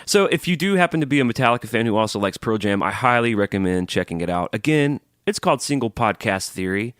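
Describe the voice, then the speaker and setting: A man's voice: medium pitch, expressive, fast talker, fairly bright tone, clear, resonant tone, no room sound, studio quality. A man co-hosting a podcast in casual chat, reading listener mail in an easygoing, joking way, swearing now and then. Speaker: podcast co-host.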